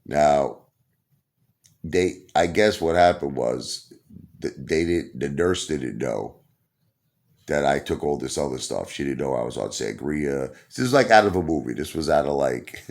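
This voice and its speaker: A man telling a funny personal story in a rambling, animated way, repeating himself and laughing along. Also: a bass voice, a little slow. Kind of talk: casual comedic storytelling.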